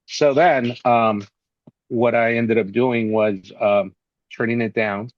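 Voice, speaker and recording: A man telling stories in an interview, lively and chatty, and he slips into other people's voices as he quotes them. His voice sits in a middling pitch. The audio is dull and dry, with no room sound. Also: takes it slowly, no room sound. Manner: animated anecdotes, acts out quoted voices. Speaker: actor and interview guest. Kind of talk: casual storytelling interview.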